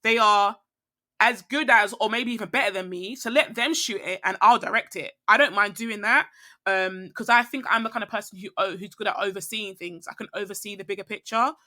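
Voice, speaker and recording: Woman, podcast guest, rambling reflective talk, lots of fillers, crisp bright voice. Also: medium pitch, a little fast. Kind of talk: casual conversation.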